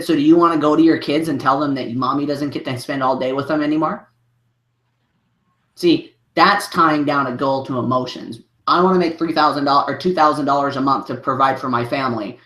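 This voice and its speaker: A man's voice: fairly high pitch, a little fast, a bit bright. Man, business coach, podcast interview, rambling, lots of restarts, echoey room. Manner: rambling with many restarts and "you know"s. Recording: roomy echo.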